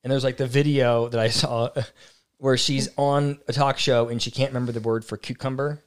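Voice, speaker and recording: Man co-hosting a chat podcast, blunt and opinionated, medium pitch. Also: level tone, normal speed, clear, resonant tone. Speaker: podcast co-host. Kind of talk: casual chat.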